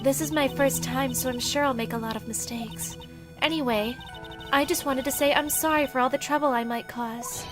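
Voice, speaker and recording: A woman's voice: high-pitched, steady tone, normal speed, close to an everyday voice. A woman voicing a timid young female college student witness, reading game dialogue in a hesitant, apologetic way. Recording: game music behind.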